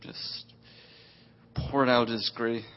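A man sharing a personal testimony in a halting way. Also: mid-range voice. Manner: slow, flat, halting. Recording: dull lo-fi audio.

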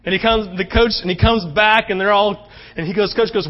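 A man preaching a sermon as pastor, telling a story with animated energy and dropping to soft, earnest tones. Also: high-pitched, a little fast, dull audio.

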